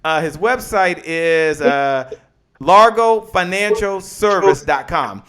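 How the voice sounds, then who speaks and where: A man hosts a live business show with high, revved-up energy. His voice sits a little above the usual male pitch. He repeats his lines like a preacher working a crowd. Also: slow. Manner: energetic, repetitive, preacher-like chanting. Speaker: host. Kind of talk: motivational live show hosting.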